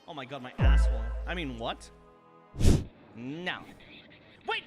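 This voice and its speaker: A man's voice: mid-range voice, lively intonation, measured pace, long pauses, darkish tone, soft background music. A young man streaming a game, yelping, swearing and breaking into shrieking laughter as things go wrong. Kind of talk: gaming stream chat.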